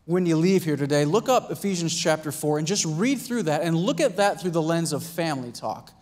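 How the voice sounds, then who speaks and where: A pastor preaching a sermon in a conversational way, acting out little scenes and asking "right?" and "Amen?". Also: male voice, fairly high pitch, animated, fairly quick, a little mellow. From United States. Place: church hall.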